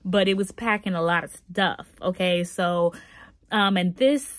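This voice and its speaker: Young woman vlogger, low-ish voice, dry phone-cam sound, chatty storyteller. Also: unhurried, no room sound. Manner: animated, laughing storyteller with many "like" and "um" fillers. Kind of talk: casual storytelling to camera.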